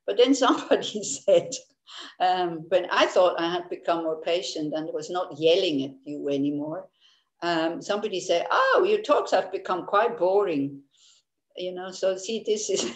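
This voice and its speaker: A woman Buddhist teacher speaks candidly in a casual dharma talk, often laughing and stumbling over her words. Her voice sits at a middle pitch for a woman. The room around her is echoey.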